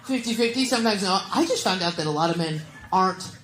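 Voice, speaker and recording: Talking fast with lively intonation, a female comic works the crowd and pokes at them with blunt questions. Her voice sits in the mid-range. Loud laughter fills the echoey club, leaving a noisy background.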